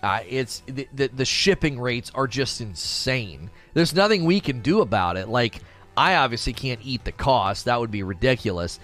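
A man's voice: mid-range voice, lively intonation, normal speed, fairly bright tone, faint music behind. A man livestreaming in casual chat, teasing and bantering with his viewers as he reads their comments.

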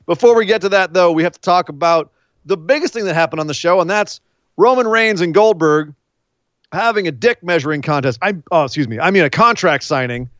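A man co-hosting a wrestling podcast in casual chat, joking and animated with quick asides. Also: on the high side, dry recording, lo-fi sound.

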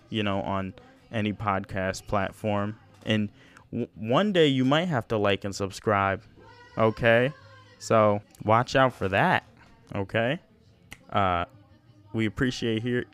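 A man's voice: on the low side, fairly bright tone, clear, resonant tone. A young man hosting a casual solo podcast, telling a story in a rambling, self-mocking way with lots of slang. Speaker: podcast host.

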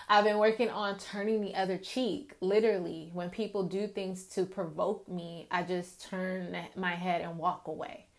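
A woman speaking candidly to her viewers about her faith and marriage, talking in loose run-on stories full of "like" and "right?", and dropping to a quieter voice when she retells her prayers. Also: fairly low pitch, level tone, moderate pace, vocal fry, few pauses. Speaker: faith vlogger. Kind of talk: casual testimony to viewers.

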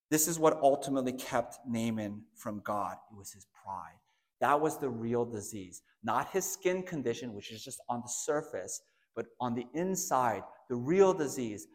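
Male pastor preaching in a reverberant hall. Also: mid-range voice. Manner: dynamic preaching, swings from hushed to loud emphatic. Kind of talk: sermon.

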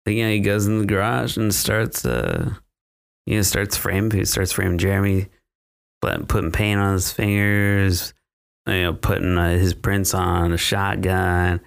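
Deep gravelly man rambling casually. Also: a little slow. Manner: rambling, profane, laughing often. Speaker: podcast co-host recapping a film. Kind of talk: casual chat.

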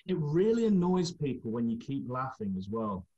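A man's voice: mid-range voice, very animated, moderate pace, dark tone. Guy rambling thru funny stories, laughing a lot, kinda muffled lo-fi audio. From England. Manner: rambling, laughs through anecdotes. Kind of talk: casual storytelling chat.

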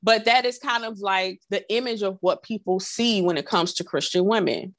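A woman co-hosting a podcast, speaking in an animated way and acting out the voices she quotes. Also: mid-range voice, moderate pace, no echo, studio quality. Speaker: podcast co-host. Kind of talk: casual podcast conversation.

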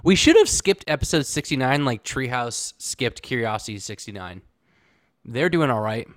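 A man's voice: mid-range voice, very animated, normal speed, fairly bright tone, dry recording, clean studio sound. A man hosting a podcast in casual chat, teasing and laughing often. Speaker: podcast host.

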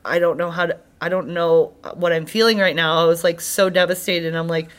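A young woman, a podcast guest, casually telling an animated story with frequent "like" fillers. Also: fairly low pitch, brisk. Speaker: podcast guest, CrossFit athlete.

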